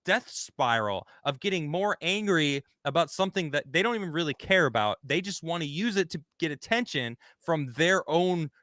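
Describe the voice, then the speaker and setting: A man hosting a casual podcast chat, talking in an animated, rambling way and acting out the people he quotes. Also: fairly high pitch, normal speed, few pauses, no echo. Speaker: host.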